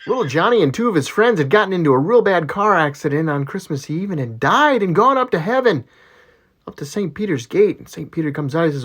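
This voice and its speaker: A man's voice: fairly high pitch, animated, a little fast, fairly bright tone. A man telling jokes, who chuckles at his own punchlines. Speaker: joke teller.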